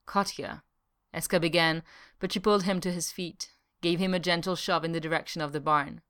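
A woman reading a novel aloud in a measured, unhurried way. Her voice sits low and sounds smooth and resonant. She tells the story steadily, as an audiobook narrator. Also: steady tone, a bit bright. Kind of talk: scripted narration.

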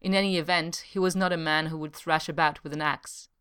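Low, smooth-voiced woman narrating a novel. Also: steady tone, brisk, fairly bright tone. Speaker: audiobook narrator. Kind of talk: scripted narration.

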